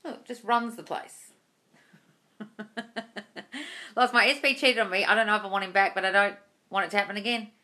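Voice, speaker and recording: A bright-toned woman answers viewer comments on a live stream from her home. She is chatty and blunt, calls everyone darling and swears casually. Her voice is crisp and forward, heard through a phone or webcam mic. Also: mid-range voice, steady tone, normal speed, pauses often. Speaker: manifestation coach. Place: home room.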